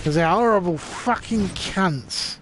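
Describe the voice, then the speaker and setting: A man's voice: sits high, lively intonation, slow pace, fairly bright tone, a little hiss or hum. A drunk man with an English accent, rambling and ranting with a lot of swearing in a casual live-stream chat while gaming. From England.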